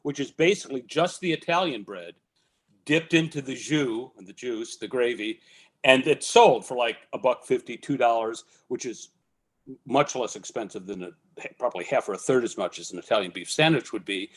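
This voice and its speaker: A man journalist co-presenting a library book talk, chiming in with relaxed comments and small laughs. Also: mid-range voice, moderate pace, husky. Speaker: culinary journalist, author. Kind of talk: library book talk over video call.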